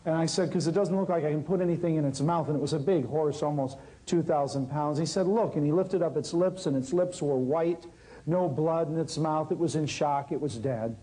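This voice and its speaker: A man telling a lively story about his work as an herbal healer, acting out the people he quotes. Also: on the high side, a little fast, rough recording. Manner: animated storyteller, acts out quotes. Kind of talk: storytelling talk.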